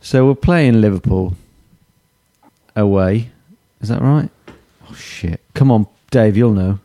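A man hosting a casual football podcast talks slowly and haltingly, stopping to hunt for his words. He mocks himself as he rambles, in an easygoing chat. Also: on the low side, dark tone, no echo. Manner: hesitant, lots of fillers and restarts, self-mocking. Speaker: podcast host.

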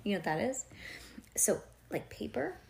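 A woman's voice: mid-range voice, very animated, moderate pace, vocal fry, a little mellow, slight background noise. Woman, storybook reader at home; casual, chatty, keeps stopping the story for questions and asides, loose "like" and "um" fillers. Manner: conversational, quizzes the listener, digresses with "like" and "um". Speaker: parent reading a storybook aloud to a child.

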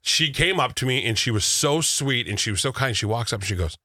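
A man's voice: mid-range voice, a little fast, no room sound. A man co-hosting a podcast in a studio, telling stories and acting out what others said. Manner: animated, self-mocking, acts out quotes. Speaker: podcast co-host. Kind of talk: casual storytelling.

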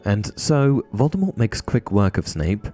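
A man narrating passages from a book and commenting on them in a steady storytelling voice. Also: fairly low pitch, measured pace. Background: faint background music.

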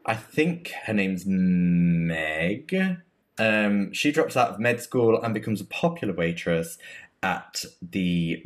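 A man co-hosting a podcast, reviewing a film in casual, rambling chat with many restarts. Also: fairly low pitch. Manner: chatty, rambling with restarts and laughs. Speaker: podcast co-host.

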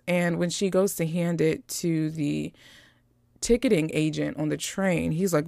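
A woman with a lowish, gravelly voice hosts a casual, joking commentary on holiday films. Her delivery is animated and full of slang. The sound is dry and close. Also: unhurried, dry recording. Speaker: podcast host reviewing holiday movies.

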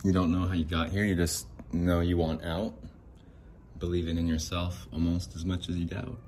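Deep-voiced man rambling solo. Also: little pitch movement, normal speed, a little mellow, slight background noise. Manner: joking, digressive, acts out little scenes. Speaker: podcast host.

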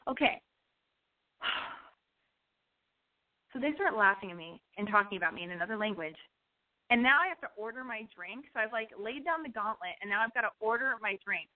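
A woman telling a comic story in an animated, rambling way, full of restarts and asides. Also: medium pitch, brisk, pauses often. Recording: tinny phone-like sound.

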